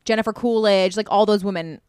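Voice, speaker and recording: A woman co-hosting a podcast, chiming in with quick, enthusiastic reactions in casual chat. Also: medium pitch, a little mellow, clean tone, no echo, studio quality. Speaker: podcast co-host.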